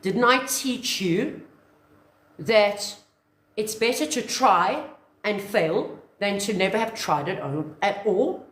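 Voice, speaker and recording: A no-nonsense mother, as a woman puts her on, scolding her child firmly, her voice a touch lower than the speaker's own. The room has a noticeable echo. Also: expressive, slow. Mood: stern. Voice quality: firm, scolding.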